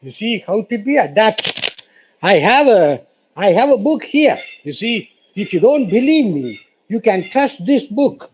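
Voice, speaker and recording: A man's voice: high-pitched, big pitch swings, unhurried, slightly rough, low-quality recording. A man gives a formal lecture as a guest speaker, emphatic and repeating "you see" often. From India.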